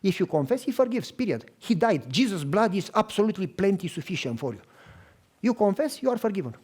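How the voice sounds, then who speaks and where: Animated pastor. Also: male voice, sits high, a little fast, breathy edge. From Romania. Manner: animated, acts out dialogue. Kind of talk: storytelling sermon.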